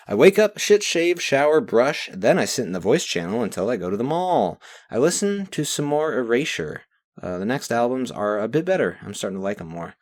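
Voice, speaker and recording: A man's voice: fairly low pitch, very animated, a little fast, darkish tone. A young man recapping his week from a journal in a rambling, profane monologue that swings into rants. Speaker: vlogger reading his journal.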